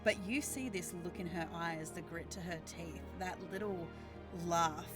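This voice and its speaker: A woman running a tabletop game as game master, narrating scenes in a slow, measured way. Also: on the low side. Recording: music bed under the talk.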